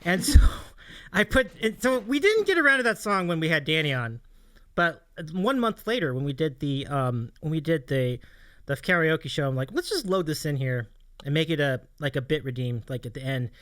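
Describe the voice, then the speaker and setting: Animated high-voiced male show host. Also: normal speed. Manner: animated, laughs often, rambling storyteller. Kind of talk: casual livestream chat.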